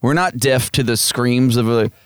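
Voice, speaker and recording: A man's voice: mid-range voice, moderate pace, smooth, no room sound, studio quality. A man co-hosting a podcast in casual chat, joking loosely and swearing as he banters. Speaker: podcast co-host.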